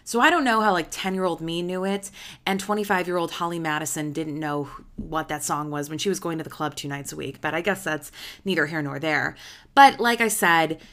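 A woman in her thirties hosts a podcast in a casual storytelling monologue. Her voice sits a little low for a woman, and she talks in a chatty, gossipy way, leaning hard on the juicy parts. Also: brisk, fairly bright tone. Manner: chatty, gossipy, emphatic retelling. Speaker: podcast host.

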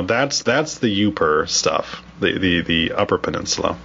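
Midwest guy chatting on a podcast, lowish voice, stop-start, muffled lo-fi sound w/ light hiss. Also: creaky, a bit bright. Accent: Midwestern American. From Wisconsin, USA. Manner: halting, many restarts and laughs. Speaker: podcast co-host. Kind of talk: casual chat. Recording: dull lo-fi audio with faint noise.

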